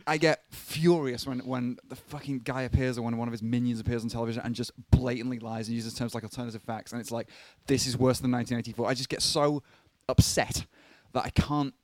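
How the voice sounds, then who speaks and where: Brief: male podcast co-host, mid-pitched voice, dry close mic, profane and rambling. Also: fairly even intonation, fairly quick, few pauses, no echo. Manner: swears freely, rambling and self-deprecating. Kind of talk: casual chat.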